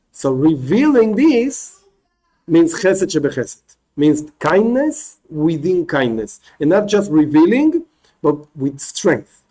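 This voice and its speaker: A male rabbi teaching a spoken class, animated, often restarting phrases and acting out examples. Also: sits high, low-quality recording.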